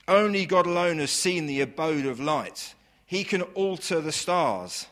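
A man preaching a sermon, piling up long lists of praise words and swinging from loud declarations to hushed, slow lines. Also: a little high, lively intonation.

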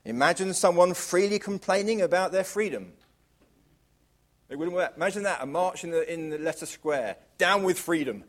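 A man preaching a sermon to a congregation, asking rhetorical questions and swinging from loud emphasis down to quiet, low lines. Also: normal speed. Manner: varies volume widely, drops to quiet emphasis; asks the audience rhetorical questions.

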